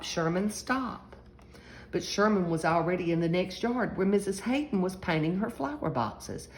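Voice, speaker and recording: Lively woman reading a picture book. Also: on the low side, slight background noise, low-quality recording. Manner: animated, acting out shrieks and shouts of the characters. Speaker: storyteller.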